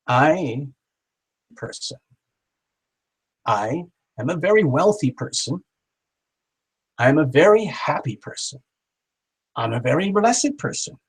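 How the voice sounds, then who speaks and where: Guy doing live tarot readings, upbeat and encouraging, a bit high-pitched, small camera mic. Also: husky. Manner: warm, encouraging, chatty, with playful exaggerated voices. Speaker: tarot reader hosting a live show. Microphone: small built-in camera mic. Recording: small camera on a poor live-stream connection.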